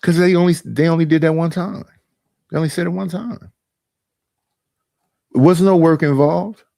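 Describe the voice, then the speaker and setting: A man's voice: fairly high pitch, steady tone, normal speed, vocal fry, dark tone, no echo, studio quality. A middle-aged man streaming, ranting in a casual, aggrieved way, repeating himself and mimicking what others say to him. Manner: aggrieved, repetitive, mimics others in quoted voices. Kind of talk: casual livestream rant.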